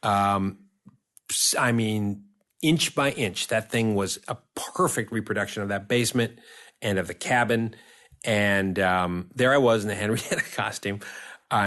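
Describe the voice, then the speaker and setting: A man in his fifties, a guest on an interview podcast, telling lively stories and laughing often. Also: fairly low pitch, normal speed. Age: 50s. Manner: animated storyteller, laughs often. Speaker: guest actor.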